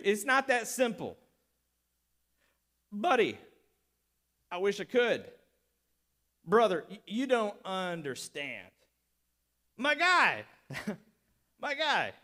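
A man's voice: sits high, sing-song, very slow, long pauses, pushed and bright, heavily acted. A preacher acting out an exasperated paralyzed man who answers in slang and makes excuses.

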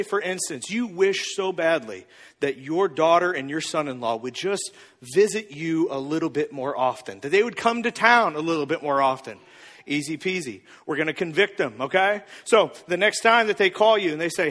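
A man's voice: sits high, a bit bright. A man playing a cocky, smug advice guru who teases and drills the audience. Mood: scheming. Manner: mock-confident, teasing, drills the audience. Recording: reverberant hall.

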